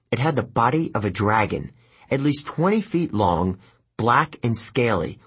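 Husky, lively male audiobook narrator. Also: mid-range voice. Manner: expressive, lively storytelling.

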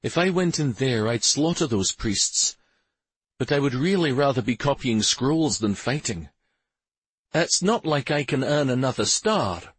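A man's voice: medium pitch, expressive, unhurried, breathy edge, no echo, voice pushed up. A man voicing a commanding noble warrior lord who gives firm, clipped orders. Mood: earnest.

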